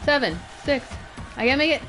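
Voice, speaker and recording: A woman's voice: high voice, animated, normal speed, fairly bright tone, soft background music. A young woman chatting casually while playing a video game, laughing and thinking aloud when puzzled. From northern United States. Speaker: streamer. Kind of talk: casual gameplay commentary.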